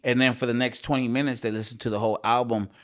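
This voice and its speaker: A man's voice: medium pitch, flat delivery, fast, fairly bright tone. A man, a rapper guest on a podcast, talking in a laid-back way with many fillers and some swearing. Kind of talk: casual podcast chat.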